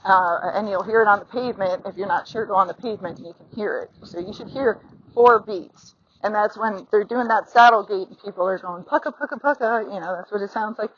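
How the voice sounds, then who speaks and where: Here a middle-aged woman on horseback talks fairly quickly in a mid-range, slightly bright voice as she teaches riding outside. Encouraging and talkative, she acts out what horse and rider are thinking. Her rider-mounted phone gives slightly dull lo-fi audio with a little background noise.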